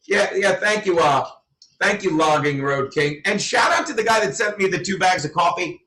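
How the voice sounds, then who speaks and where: A man's voice: high-pitched, sing-song, moderate pace. Furious, profane man ranting on a livestream. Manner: furious, profane, loud outbursts. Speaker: livestream host. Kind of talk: angry livestream rant. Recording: roomy, from a distance.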